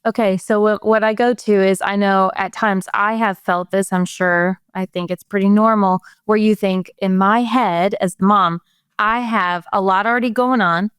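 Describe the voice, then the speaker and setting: Thoughtful woman co-host, smooth clear voice. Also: medium pitch, fairly even intonation, moderate pace, dry recording, studio quality. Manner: thoughtful, asks questions. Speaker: podcast co-host. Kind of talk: casual chat.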